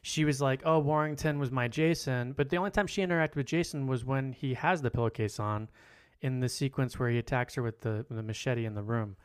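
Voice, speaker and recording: A man's voice: mid-range voice, brisk, smooth, no echo, studio quality. A man on a podcast panel, chatting casually about a horror film and thinking aloud.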